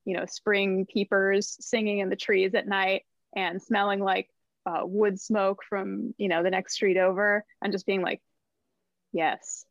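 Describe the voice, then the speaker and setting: A woman from New Jersey, a songwriter guest on a podcast, talking in a thoughtful, halting and wryly playful way. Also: mid-range voice, little pitch movement, vocal fry, no echo. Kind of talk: casual interview chat. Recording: dull lo-fi mic.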